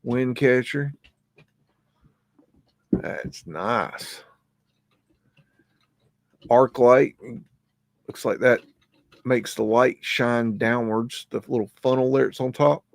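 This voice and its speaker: A man's voice: mid-range voice, steady tone, takes it slowly, vocal fry, long pauses, dry recording. A man hosting a live stream, rambling casually as he comments on old photos and scolds his dog in between.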